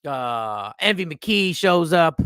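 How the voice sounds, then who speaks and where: A man in his forties hosting a casual live show, animated and rambling, often repeating phrases. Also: on the high side, takes it slowly, smooth, dry recording, clean studio sound. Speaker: comedian and show host. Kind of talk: casual live-stream talk.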